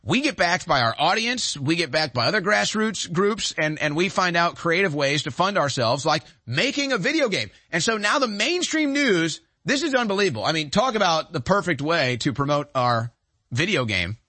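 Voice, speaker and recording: A man's voice: fairly high pitch, big pitch swings, normal speed, bright, forceful tone, no echo. A man hosting a talk show, giving emphatic, sarcastic political commentary.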